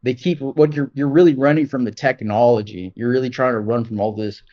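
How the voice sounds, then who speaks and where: A man co-hosting a podcast, chatting excitedly about games, peppering his talk with "dude" and swearing. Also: mid-range voice, fairly quick, dull audio. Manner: excited, profane, rambling with lots of "dude". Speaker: podcast co-host. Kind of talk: casual gaming chat.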